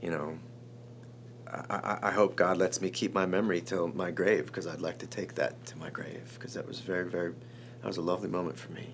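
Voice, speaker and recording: A man in his forties from Chicago, a screenwriter telling an emotional story in an interview, animated and rambling with many restarts. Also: low voice, brisk, a little hiss or hum. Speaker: screenwriter guest.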